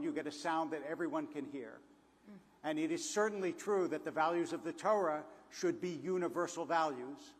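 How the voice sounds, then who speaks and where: A man from Philadelphia giving a storytelling speech to an audience, with quotes and humor. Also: on the high side. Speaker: panel speaker. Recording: hall reverb.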